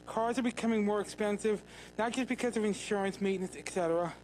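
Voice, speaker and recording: A citizen addresses legislators at a public hearing, in an earnest, plain voice. The delivery is a little halting at times. Faint noise and a hum sit behind the voice. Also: mid-range voice, a little mellow, rough recording. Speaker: public commenter. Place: county legislature hearing room.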